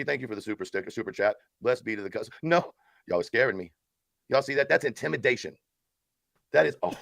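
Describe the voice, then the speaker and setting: A man's voice with a gravelly edge, hosting a live stream in a theatrical, sarcastic tone. He sounds close and dry, with no room behind him. His delivery swings between mock solemnity and casual banter with the chat. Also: medium pitch, a bit bright, no echo. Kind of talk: mock support-group speech, then casual live chat.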